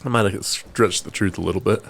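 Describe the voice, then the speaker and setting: A man's voice: on the low side, a little fast, vocal fry, fairly bright tone. A man in his thirties, a podcast guest, joking and making fun of himself in casual chat. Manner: joking, self-mocking.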